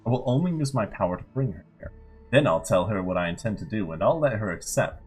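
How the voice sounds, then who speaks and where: A man reading aloud the diary of an obsessive vampire, in a low, deliberate voice. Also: expressive, a little mellow, breathy edge.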